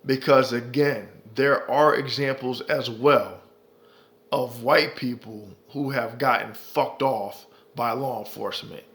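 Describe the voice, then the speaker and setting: A man's voice: mid-range voice, fairly even intonation, slow, fairly bright tone. A man delivering impassioned ranting commentary, profane and heated, repeating phrases for emphasis. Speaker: commentary vlogger.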